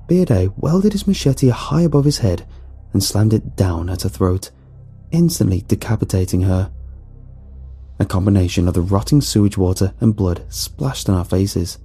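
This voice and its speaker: Male horror narrator, very dark tone, animated delivery. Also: lowish voice, moderate pace, slightly rough, soft background music. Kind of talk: first-person horror story narration.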